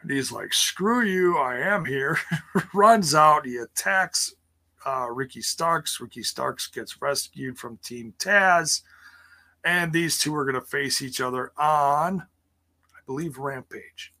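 A man talks slowly and loosely, recapping for his chat. His voice is bright and forward. He drifts into sarcastic asides and filler words. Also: fairly high pitch, vocal fry. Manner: rambling, sarcastic asides, frequent ums and laughs. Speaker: wrestling show recap host. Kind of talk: casual livestream recap chat.

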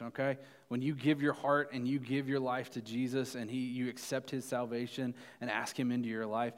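A man's voice: medium pitch, in a large hall. A young man giving a casual youth sermon, telling a family story and often checking in with "right?". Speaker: youth pastor.

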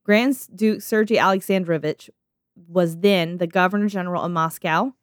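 A woman's voice: lowish voice, moderate pace, no echo, clean studio sound. Woman host telling history with asides. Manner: reads history aloud with laughing, profane asides. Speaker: podcast host. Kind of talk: casual history storytelling.

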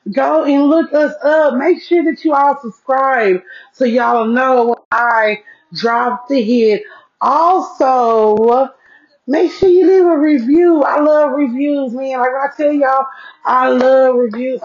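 A woman with a fairly high voice talks slowly and easily to her listeners, sprinkling her talk with "y'all" and "okay?". Her sound is dull and lo-fi, picked up by a mic at her ear. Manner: chatty, folksy, leans on "okay?" and "y'all". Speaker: podcast host. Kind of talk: casual solo podcast chat. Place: seated at home with devices. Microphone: earpiece mic.

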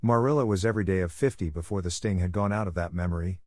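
Male audiobook narrator, low voice, steady and even, dry close sound. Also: quick pace, no room sound. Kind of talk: scripted narration.

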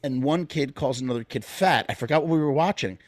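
A man's voice: mid-range voice, a little fast, no echo, clean studio sound. A man in his thirties on a casual podcast, rambling emphatically and swearing freely as he tells a story. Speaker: podcast co-host.

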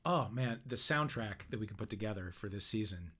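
A man's voice: on the low side, expressive, fairly quick, bright, forceful tone, husky. A man co-hosting a casual podcast, dry and sardonic, who swears offhandedly. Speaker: podcast co-host. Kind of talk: casual chat.

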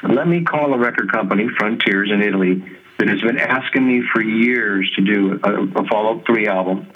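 A man being interviewed as a guest musician, telling stories in a lively conversational way, acting out other people's lines and laughing often. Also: lowish voice, normal speed, a little hiss or hum. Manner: animated storyteller who mimics others' voices and laughs often. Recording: tinny phone-like line.

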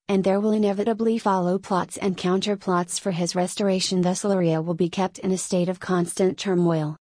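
A woman's voice: mid-range voice, darkish tone, dry recording, natural voice. A woman reading a suave, crafty ex-chancellor. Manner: suave, persuasive. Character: crafty fox-like male ex-chancellor.

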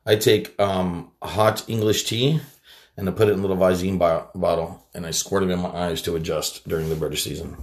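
A young man co-hosting a casual podcast, cracking deadpan jokes and telling rambling stories. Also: sits low, brisk. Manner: joking, deadpan absurd asides. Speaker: podcast guest co-host. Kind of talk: casual chat.

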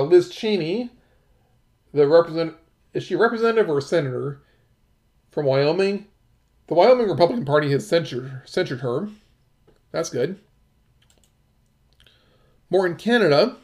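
Guy reading news stories off the screen, kinda high voice, lots of ums and restarts. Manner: halting, with many fillers and restarts. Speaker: commentator. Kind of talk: reading and commenting on news articles.

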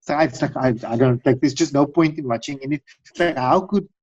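A middle-aged man in casual chat, telling long rambling stories and acting out quotes in high voices. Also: quick pace, darkish tone, husky, no echo. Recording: dull dry recording.

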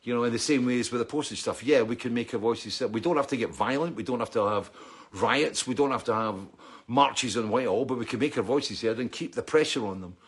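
A man's voice: medium pitch, brisk, breathy edge. A middle-aged man with a Scottish accent, hosting a weekly video chat and ranting with plenty of swearing. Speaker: vlog host.

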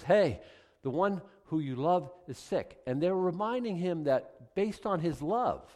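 A middle-aged man preaching a sermon as pastor, acting out little voices and asides. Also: mid-range voice. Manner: animated, acts out voices of God and people.

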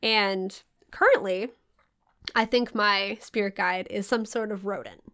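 A woman hosts a podcast in casual chat, telling stories at an unhurried pace. She swears and her pitch leaps when she gets excited, and her throat sounds a little sore.

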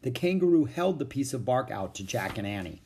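An audiobook narrator reading a children's book aloud in an expressive storytelling way. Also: mid-range voice, a little fast, slightly rough.

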